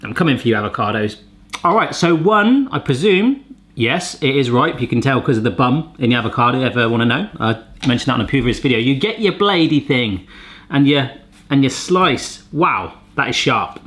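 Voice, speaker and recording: A man's voice: mid-range voice, lively intonation, moderate pace, fairly bright tone. A man hosting a casual gadget-testing vlog in a home kitchen, chatty and fond of puns. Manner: jokey, pun-loving, chatty. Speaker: cooking channel host.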